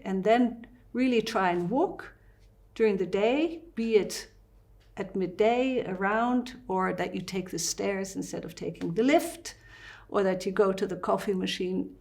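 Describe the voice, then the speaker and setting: A woman fasting doctor with a Dutch accent, explaining fitness and breathing in an interview with lively asides. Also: medium pitch.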